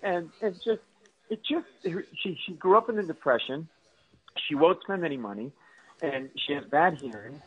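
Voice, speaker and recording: Animated middle-aged comedian telling stories. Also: male voice, a little high, normal speed, husky, muffled recording. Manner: animated, exaggerated, self-mocking anecdotes. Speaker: stand-up comedian guest. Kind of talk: comic storytelling on radio.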